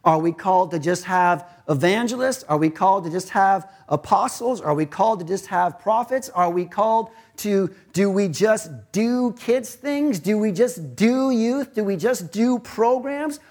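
A man's voice: sits high, expressive, unhurried, hardly any pauses, a little mellow. A male pastor preaching a conversational sermon and asking rhetorical questions.

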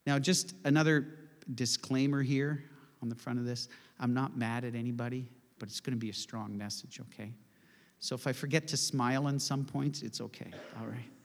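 Animated male pastor in echoing sanctuary. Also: medium pitch, moderate pace. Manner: animated, leads congregation in call-and-response, wry asides. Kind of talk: sermon. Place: church sanctuary.

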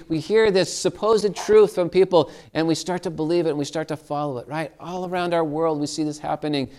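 A pastor preaches a sermon in a conversational style, telling stories and asking his listeners questions. He has a smooth, medium-pitched voice.

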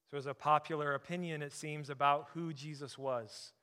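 A man preaching a sermon as pastor, emphatic, often dropping to a soft, intense tone on key points. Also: fairly high pitch, fairly even intonation, normal speed, clear, resonant tone.

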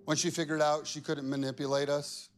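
Male pastor, high voice, preaching casually in church, faint music underneath. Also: flat delivery, brisk. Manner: conversational, acts out quoted voices. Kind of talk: sermon.

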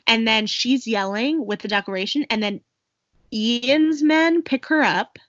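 A young woman co-hosting a podcast, chattily recapping a movie with quick acted-out quotes. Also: a little high, a bit bright, no echo, highs cut off. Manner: chatty, quick quoted voices, laughs often. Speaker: podcast co-host. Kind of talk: casual chat recapping a movie.

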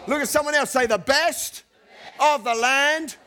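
A middle-aged male pastor with a very high voice preaches at a measured pace. He reads scripture, adds conversational asides and chuckles between points, animatedly leading the congregation in repeated call-and-response.

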